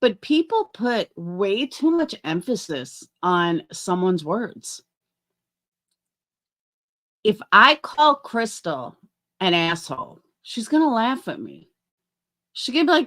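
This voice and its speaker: A woman's voice: medium pitch, very animated, slow, a bit bright. Middle-aged woman, livestream chat, rambling, profane, calls out viewers by name.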